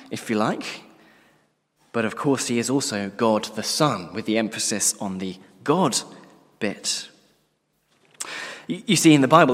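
A man preaching a sermon, earnest and emphatic, often trailing off to a hushed tone at the ends of phrases. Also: mid-range voice. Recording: long reverb of a large hall.

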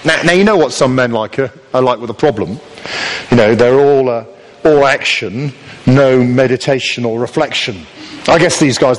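A man's voice: a little high, normal speed. A man preaching a sermon, telling the story with humour and acting out voices. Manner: lively storytelling, acts out voices for comic effect. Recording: long reverb of a large hall.

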